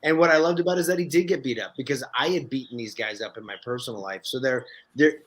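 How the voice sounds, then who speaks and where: Brief: man from Canada, guest actor, mid pitch, animated and profane storyteller. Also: fast, rough recording. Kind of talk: casual interview storytelling.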